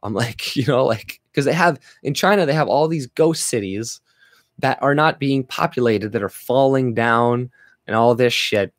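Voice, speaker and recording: A man's voice: mid-range voice, normal speed, no echo, studio quality. A man ranting on a livestream, blunt and profane, stumbling through restarts and fillers. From Canada. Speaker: livestream commentator.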